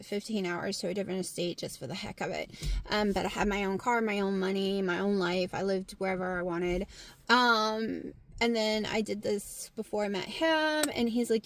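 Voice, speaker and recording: A woman with a Southern American accent, talking frankly to camera in a casual vlog, getting loud and animated when excited. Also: medium pitch. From Southern United States. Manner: frank and blunt, swears freely. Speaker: vlogger.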